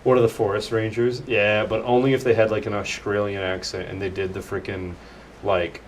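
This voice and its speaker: A man's voice: fairly low pitch, steady tone, moderate pace, distant mic, slight background noise. A young man casually commenting on a video game as he plays, goofy and rambling. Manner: goofy, rambling, loud outbursts, says "dude" and "like". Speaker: gaming streamer. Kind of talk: casual let's play commentary. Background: game music.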